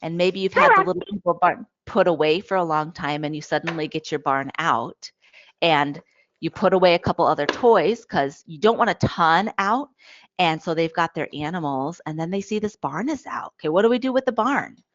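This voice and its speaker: A woman presenting on children's play in a lively, demonstrative way, often checking in with her listeners. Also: fairly low pitch, normal speed, no room sound. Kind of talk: webinar talk with toy demonstrations. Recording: dull, lo-fi, dry audio.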